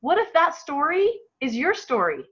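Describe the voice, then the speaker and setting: Woman, thirties, bright forceful voice, fervent pep talk, dull lo-fi call audio. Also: high voice, sing-song, moderate pace. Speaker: team leader on a call. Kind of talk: motivational team call.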